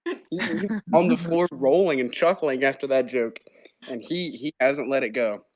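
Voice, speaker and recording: A man's voice: mid-range voice, normal speed, darkish tone. A teenage boy co-hosting a casual podcast, telling a funny school story with frequent laughter. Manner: laughing, jokey retelling. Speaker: podcast co-host.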